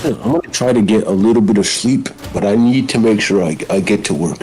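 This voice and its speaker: Young man, casual chat, stammers and repeats, lowish voice, faint noise. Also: quick pace, mellow, poor audio. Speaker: friend on call.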